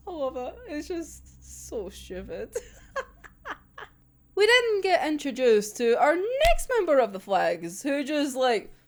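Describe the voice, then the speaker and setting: A woman's voice: sits high, slow, long pauses. A woman casually recapping a manga chapter, laughing often and swearing freely. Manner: giggly, sweary, animated storytelling. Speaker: manga reaction vlogger.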